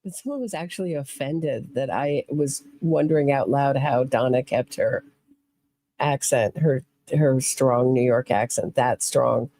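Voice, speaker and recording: A woman hosting a true crime podcast live stream, chatting casually, thinking out loud and reading comments from the chat. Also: a bass voice, no room sound.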